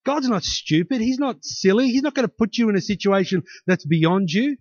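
A man's voice: sits high, moderate pace, no room sound. Pastor guy preaching, chatty, keeps saying hey?, kinda muffled lo-fi dry audio. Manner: conversational, with frequent "hey?" tags and restarts. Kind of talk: sermon. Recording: dull lo-fi, dry.

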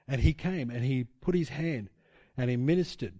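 A middle-aged man shares a testimony in a sermon, rambling and conversational, often checking in with his listeners through tag questions. His voice sits at an ordinary pitch and sounds dry and close. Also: normal speed, dark tone, no echo. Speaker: preacher.

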